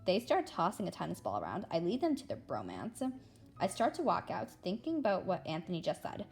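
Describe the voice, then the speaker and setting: A woman's voice: fairly low pitch, huge pitch swings, fairly quick, darkish tone, faint music behind. A woman reading a middle-grade novel aloud, telling it expressively in the first person as a young girl. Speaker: read-aloud narrator.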